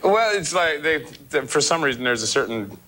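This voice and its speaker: A man's voice: fairly high pitch, expressive, normal speed. A man hosting a casual interview, asking questions with teasing quips. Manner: quippy, teasing. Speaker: talk show host. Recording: loud crowd and noise behind.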